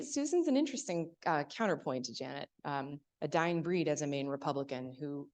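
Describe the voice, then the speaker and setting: Low-voiced woman author telling stories. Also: creaky, darkish tone. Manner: hesitant, many fillers and restarts, storytelling. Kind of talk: author talk at a library event.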